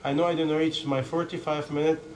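Man, sermon, non-native English, somewhat high voice, emphatic, lists and rhetorical questions. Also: little pitch movement, fairly quick, a little hiss or hum, low-quality recording. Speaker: preacher.

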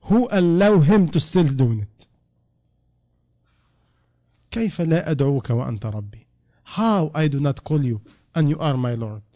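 A man preaching with a somewhat high voice and plainly non-native English phrasing. He moves from hushed, reflective storytelling to loud, rising exhortations, stressing each repeated line. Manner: shifts between quiet reflective lines and loud, rising emphatic calls. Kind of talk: sermon.

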